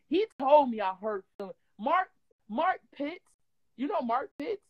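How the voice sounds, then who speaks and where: A woman from Detroit telling stories in a casual interview, animated and profane, loudly acting out what people said. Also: high voice, unhurried, lo-fi sound. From Detroit, USA. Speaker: guest.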